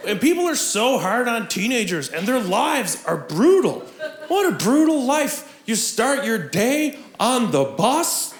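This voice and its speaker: A young man performing a live stand-up comedy set on a theatre stage, animated and breaking into shouts for punchlines. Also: extremely high pitch, unhurried, crowd noise. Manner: laughs at his own jokes. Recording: echoey theatre with audience noise.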